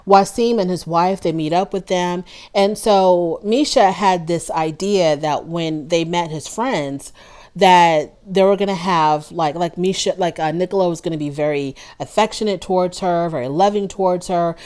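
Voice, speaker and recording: A woman's voice: fairly low pitch, normal speed, darkish tone, smooth. Outspoken woman recapping reality TV. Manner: opinionated, talks straight to the people on the show; chatty with frequent ums and restarts. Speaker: reality TV reviewer. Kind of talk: casual episode recap and commentary.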